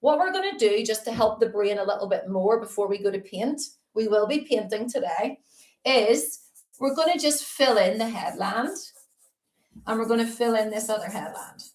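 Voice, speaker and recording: A woman's voice: a little high, animated, normal speed, a little mellow. Chatty woman teaching painting live. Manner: chatty, upbeat, greets viewers while explaining. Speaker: art teacher. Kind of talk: live-streamed painting lesson. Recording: roomy echo.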